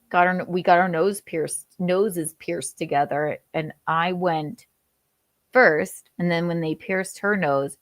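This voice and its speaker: A young woman hosts a loose live stream, reading headlines aloud and breaking into giggles and the odd curse. Her voice sits fairly low, and the sound is dry and close with no room around it. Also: dry recording. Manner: giggly, profane, chatty. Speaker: host.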